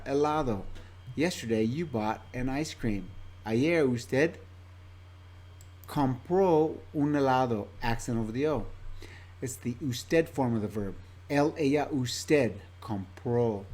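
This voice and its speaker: A male teacher giving a recorded class presentation, patiently drilling word lists slowly and clearly into his own microphone. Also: medium pitch, a little mellow. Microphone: own microphone in front of him.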